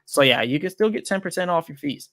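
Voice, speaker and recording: A man's voice: on the high side, lively intonation, fast talker, a bit bright, dry recording. Rambling young man streaming casually. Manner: loose and rambling, thinks aloud with many fillers and restarts; frank and self-deprecating. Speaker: crypto trading livestream host. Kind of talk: casual livestream chat, reading viewer comments.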